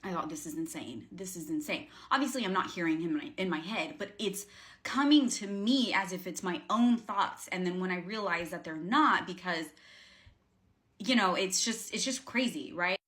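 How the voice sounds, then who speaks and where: This spiritual coach has a mid-range, slightly bright voice with lively intonation and a moderate pace. She talks earnestly to the camera in a casual, rambling vlog, often using fillers and starting over.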